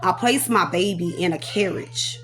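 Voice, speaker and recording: A woman giving an animated, emotional personal testimony, acting out sound effects and repeating phrases for emphasis. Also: medium pitch, moderate pace, soft background music. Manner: animated, dramatic storyteller voicing sound effects and repetitions; casual, talks aside to her children. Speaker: survivor telling her own story.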